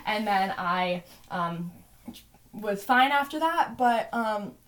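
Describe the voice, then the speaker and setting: A woman's voice: mid-range voice, expressive, slow, fairly bright tone. A young woman in her twenties, a podcast co-host, telling a story in a chatty way, full of "like" and "you know". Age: 20s. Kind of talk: casual storytelling.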